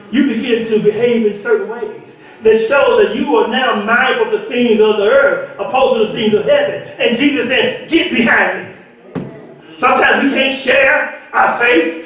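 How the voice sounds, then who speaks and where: Man preaching a sermon, high voice, heard from across an echoing church hall. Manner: call-and-response preaching, repeats words, builds to shouts. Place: church sanctuary. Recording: echoey church hall from far off.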